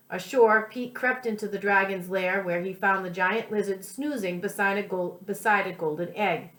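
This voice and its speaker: Expressive woman reading aloud to children. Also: mid-range voice, normal speed, hardly any pauses, echoey room, rough recording. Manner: expressive reading with soft, friendly asides to the class. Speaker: second-grade teacher.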